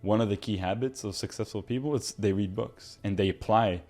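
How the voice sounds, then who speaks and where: A man's voice: fairly low pitch, a little fast. A man in his twenties giving a casual, earnest motivational talk to viewers, now and then mocking others in a put-on voice. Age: 20s. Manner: earnest, animated, talks to viewer as "bro"; mocks friends in put-on voices. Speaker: self-improvement video host.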